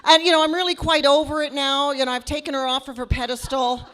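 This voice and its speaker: A woman performing a stand-up comedy set on stage, telling her story in a loud, animated way into a handheld microphone. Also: high voice, fast talker. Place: stage at a live comedy show. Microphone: handheld stage mic.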